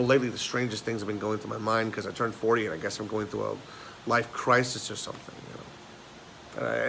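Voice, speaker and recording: A man performs a neurotic forty-year-old man who rambles through his thoughts and trips over his own words. He stammers and circles back again and again. A faint hiss sits under a deep, gravelly vocal fry. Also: fairly bright tone, rough recording. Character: neurotic, self-mocking man turned forty. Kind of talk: film monologue performance.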